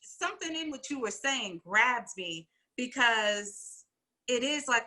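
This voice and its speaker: A woman speaking in an animated, conversational way with casual slang, talking on a video call. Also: a little high, takes it slowly. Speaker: discussion panelist.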